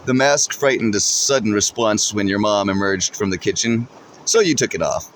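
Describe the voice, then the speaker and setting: A man narrates a second-person story in a steady, even read. His voice sits low, and a faint hum of ambience sits behind him. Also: moderate pace.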